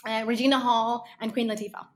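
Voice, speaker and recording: Speaking a little fast with a fairly high voice, this Irish woman in her thirties tells lively stories on a casual podcast, full of fillers and false starts.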